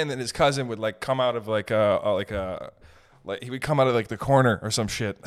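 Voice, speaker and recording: A man's voice: mid-range voice, a little fast. A man hosting a solo podcast, riffing in a rambling, profane comedic monologue. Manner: rambling, profane, tangent-hopping. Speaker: podcast host.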